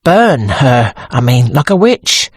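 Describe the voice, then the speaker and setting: A woman with an English accent voicing a brisk, matter-of-fact woman dressmaker in an audiobook, talking in a dry, businesslike manner. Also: rumbling low, sing-song, husky, no echo, exaggerated voice. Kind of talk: audiobook character voice.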